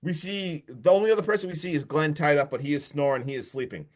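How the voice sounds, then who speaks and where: A man casually recapping a horror movie on a podcast, excitable and profane, often laughing. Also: on the high side, fast talker. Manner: excitable, profane, recounts plot with swearing and laughs. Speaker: podcast host. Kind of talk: casual movie review chat.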